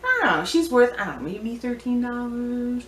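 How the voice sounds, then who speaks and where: A woman's voice: on the high side, big pitch swings, moderate pace, a bit bright, a little hiss or hum. A woman who sells vintage antiques, showing off her finds in a chatty, playful, wandering way. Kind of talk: casual show-and-tell vlog. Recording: echoey room.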